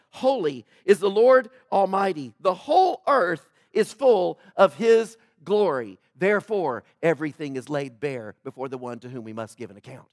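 Male pastor, high-pitched, animated sermon delivery with quiet asides and questions to the room; dry, close recording. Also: dry recording. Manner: animated, swinging between loud declarations and soft joking asides; addresses the congregation with questions.

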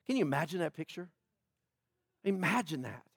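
A man preaching a sermon as pastor, swinging between loud declarations and soft joking asides and putting questions to the congregation. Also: fairly high pitch, big pitch swings, normal speed, gravelly, breathy edge, dry recording, studio quality.

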